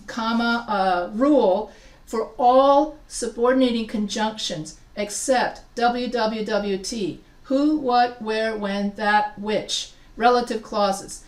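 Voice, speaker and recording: A woman's voice: a little high, a little mellow. A woman teaching a writing class, talking casually with many restarts and often checking in with her students. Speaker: writing instructor. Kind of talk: live class lecture. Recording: echoey room, voice from far off.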